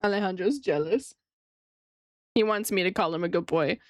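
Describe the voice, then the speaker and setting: A woman's voice: mid-range voice, normal speed, no room sound, clean studio sound. A woman streamer chatting casually with her chat while she draws, playful and teasing, laughing often.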